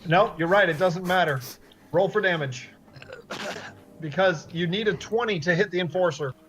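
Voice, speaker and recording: High-voiced man running a tabletop game. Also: moderate pace, fairly bright tone. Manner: upbeat, encouraging, gives rules rulings. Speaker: dungeon master.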